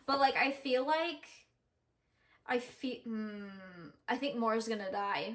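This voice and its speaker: Over background music, a young woman chats on her reading vlog about a book she's listening to, speaking slowly in a fairly high, fairly bright voice. Her talk wanders, full of fillers and self-corrections.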